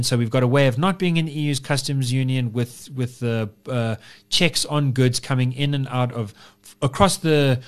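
A man's voice: mid-range voice, clean tone. Man arguing in long winding sentences. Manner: discursive, philosophical, argues in long winding sentences. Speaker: podcast co-host. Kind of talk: casual political chat.

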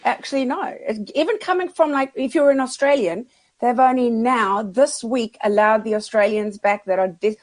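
A woman chatting as a radio guest, lively and laughing easily, using casual slang. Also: on the high side, normal speed. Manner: chatty, laughs often, drops Australian slang.

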